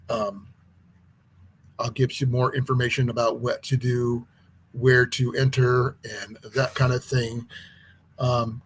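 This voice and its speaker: A man hosting an outdoors channel who teaches archery, talking in a casual, rambling livestream chat with a hoarse, husky voice. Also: mid-range voice, a little hiss or hum. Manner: rambling, chatty, with many restarts.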